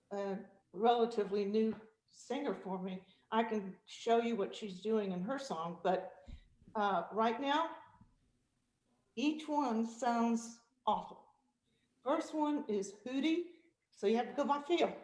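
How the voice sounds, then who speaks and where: A woman with a fairly high voice coaching singers over a video call, demonstrating exercises with quick sung snippets and easy laughter. Her voice rings in an echoey room. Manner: animated, demonstrative, laughs often, sings vocal exercises. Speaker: vocal coach and guest speaker. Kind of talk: vocal technique demonstration. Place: virtual meeting.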